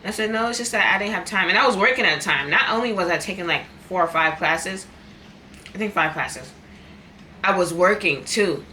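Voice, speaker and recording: A woman's voice: lowish voice, normal speed, sharp tone, a little hiss or hum. A young woman in a casual eating vlog, talking candidly and repeating herself for emphasis. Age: young adult. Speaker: vlogger. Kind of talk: casual chat while eating.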